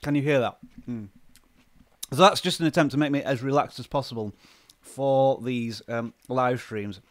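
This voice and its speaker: A man's voice: medium pitch, moderate pace, no room sound. A man from the UK hosting a casual live stream, chatting and greeting viewers by name at a close microphone. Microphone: close desk microphone.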